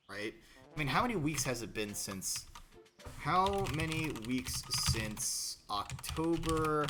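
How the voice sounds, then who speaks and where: Rambling male streamer, lively pitch. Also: a little hiss or hum. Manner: rambling, self-interrupting, swears casually. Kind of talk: casual gameplay commentary.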